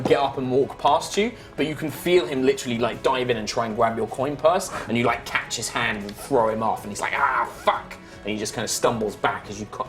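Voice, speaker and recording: A young man narrating as dungeon master in a chatty, rambling way, with light music underneath. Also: mid-range voice. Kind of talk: narrating a tabletop game.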